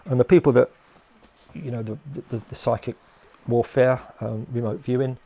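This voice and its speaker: A man's voice: mid-range voice, fairly even intonation, normal speed, gravelly, mellow. An older man from England, a guest in a casual interview, who rambles and hesitates with many fillers and restarts.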